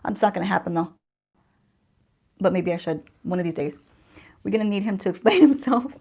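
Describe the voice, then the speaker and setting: A woman's voice: fairly low pitch, fairly quick, vocal fry, pauses often, mellow, husky. A woman in her forties with a drawl chats through a home livestream for her beauty channel. Her talk is loose and sarcastic, and she laughs easily, as if among friends. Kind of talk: casual livestream chat.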